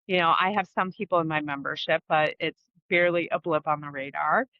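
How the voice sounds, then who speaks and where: Speaking candidly on her vlog, a middle-aged female host curses frequently while reflecting in a relaxed, blunt manner. She has a low, steady voice and talks fairly quickly; the audio is dull with no echo.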